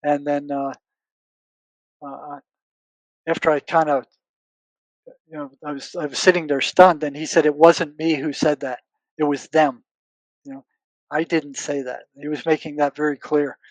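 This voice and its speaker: An older man speaks as an interview guest, his voice sitting a bit high for a man. He tells stories earnestly, repeating words as he searches for them and acting out old conversations. The sound is close and dry. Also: level tone, unhurried, long pauses, no room sound, poor audio. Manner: relives past conversations, quoting himself and others. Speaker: guest, retired psychotherapist. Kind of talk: conversational storytelling.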